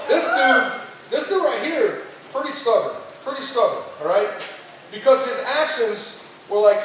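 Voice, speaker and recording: High-pitched male camp speaker, slangy storytelling, echoey far mic. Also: lively intonation, a little fast, slight background noise. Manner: slangy, chatty, acts out characters. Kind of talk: casual storytelling sermon.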